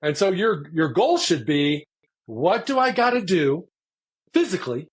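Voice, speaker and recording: A man's voice: a little high, very animated, a little slow, slightly rough. A man hosting an interview, giving earnest mindset coaching built on sports analogies. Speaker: podcast host, mindset coach.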